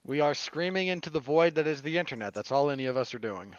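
Sarcastic higher-voiced man, dull mic. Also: lively intonation, quick pace, no room sound. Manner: sarcastic, stammering restarts. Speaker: podcast co-host. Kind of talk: casual movie review chat.

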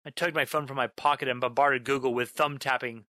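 Bright, dry male storyteller narrating horror. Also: medium pitch, steady tone, dry recording. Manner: dramatic, slows down on a repeated line, bursts into yelling.

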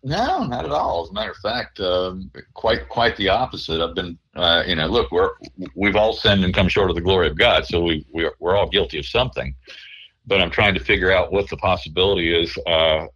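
Tired, husky-voiced man on the phone. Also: low-pitched, expressive, fairly bright tone, muffled recording. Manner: halting, many restarts. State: tired from lack of sleep. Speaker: guest journalist. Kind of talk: phone interview.

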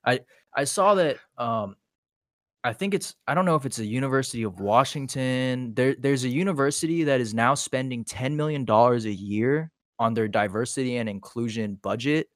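A man's voice: mid-range voice, fairly bright tone, no echo, clean studio sound. A man co-hosting a podcast, ranting in frustration, swearing and tripping over restarts. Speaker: podcast co-host. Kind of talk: casual podcast rant.

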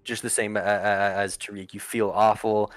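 A man's voice: fairly low pitch, level tone, normal speed, no echo. A young man narrating as game master in a casual, rambling way full of fillers and restarts.

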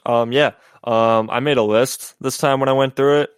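A man's voice: mid-range voice, fairly even intonation, moderate pace, clean tone, no echo, studio quality. Chatty man retelling film jokes. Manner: retells movie jokes with many fillers and laughs. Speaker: podcast co-host. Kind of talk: casual chat. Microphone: video call.

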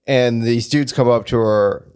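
A man's voice: medium pitch, fairly even intonation, unhurried, a little mellow, clear, resonant tone. Chatty podcast man. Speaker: podcast co-host. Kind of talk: casual chat.

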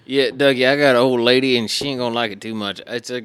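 A man's voice: mid-range voice, fairly even intonation, quick pace, crowd noise. A man, co-hosting a podcast with rowdy, profane joking. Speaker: podcast co-host. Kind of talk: casual chat.

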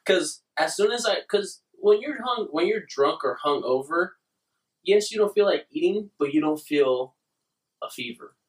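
A man's voice: high voice, lively intonation, unhurried, far from the mic. A young man telling crude stories in casual chat, laughing and acting out his own reactions. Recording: roomy sound from off the mic.

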